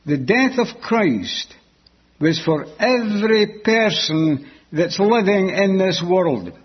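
A man preaching a sermon, slow and emphatic, repeating key phrases, on a dull lo-fi recording. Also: sits high, animated, breathy edge.

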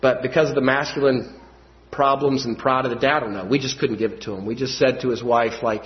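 A man preaching a sermon, moving between quiet storytelling and loud, emphatic passages. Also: mid-range voice, steady tone, fairly quick. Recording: dull lo-fi sound.

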